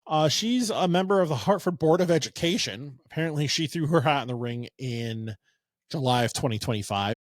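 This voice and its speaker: A man's voice: on the high side, expressive, fairly quick, dry recording, clean studio sound. A man co-hosting a casual political podcast, rambling with sarcastic asides. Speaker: podcast co-host.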